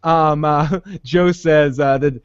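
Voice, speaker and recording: Man, slightly high voice, lively co-host who acts out lines, dry dull lo-fi audio. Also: takes it slowly, smooth, no room sound. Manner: animated, acts out quotes, laughs often. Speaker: podcast co-host. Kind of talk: casual recap chat.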